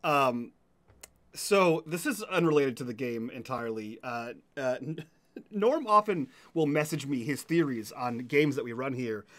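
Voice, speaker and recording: A man's voice: mid-range voice, expressive, a little slow, a bit bright. A man narrating a tabletop role-playing game as game master, talking casually and laughing often.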